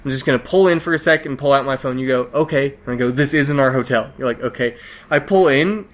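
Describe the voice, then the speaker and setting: A man's voice: medium pitch, quick pace. A man co-hosting a podcast, telling stories in casual chat with frequent laughter and acted-out quotes. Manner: animated storyteller, laughs often, acts out quotes. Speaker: podcast co-host.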